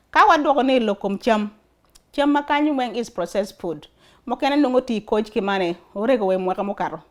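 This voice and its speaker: A woman with an Acholi accent hosting a talk show, speaking earnestly and putting questions to her viewers. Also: on the high side. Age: adult, studied and worked before emigrating. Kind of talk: casual talk to camera.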